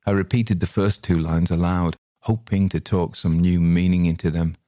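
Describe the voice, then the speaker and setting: A man reads a story aloud in a measured, unhurried way. His voice sits very low and steady. The recording is dry and close, with no room sound. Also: no echo. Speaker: story reader. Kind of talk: scripted story narration.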